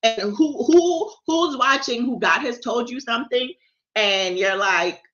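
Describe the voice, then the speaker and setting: A woman talks straight into her livestream camera in a loose, devotional chat. Her voice is bright and forceful, and she is candid, often tripping over and repeating her words. The sound is dull and lo-fi. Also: fairly high pitch, measured pace, faint music behind. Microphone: camera or phone livestream.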